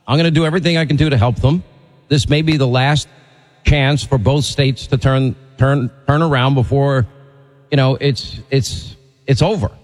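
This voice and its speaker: A man's voice: mid-range voice, fairly even intonation, normal speed, big-room sound. A man hosting a talk radio show, blunt and opinionated, bantering with callers.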